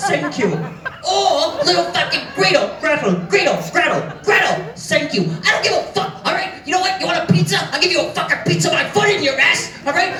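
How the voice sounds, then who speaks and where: A man's voice: very high voice, pitched above the performer's own voice. A man doing an impression of a hot-tempered Italian-American tough guy in a profane, menacing rant. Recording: echoey club, far from mic, loud crowd.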